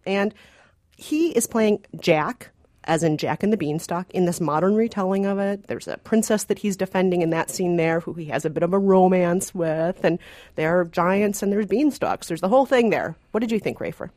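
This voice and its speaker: Animated woman podcast co-host. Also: on the low side, normal speed, no room sound, studio quality. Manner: animated, laughing, emphatic. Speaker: producer, co-host. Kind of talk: casual podcast chat.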